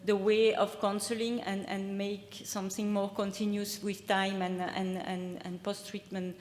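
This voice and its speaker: A woman's voice: medium pitch, little pitch movement, unhurried, a little mellow. Woman presenting in a reverberant hall. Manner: hesitant, many fillers and restarts. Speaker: conference speaker. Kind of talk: academic presentation and Q&A answers. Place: conference hall.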